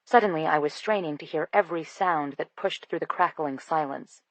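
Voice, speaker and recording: A woman reading a first-person romance audiobook in an expressive, lightly comic manner. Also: low-pitched, normal speed, no room sound, low-quality recording. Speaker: audiobook narrator. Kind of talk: first-person scripted narration.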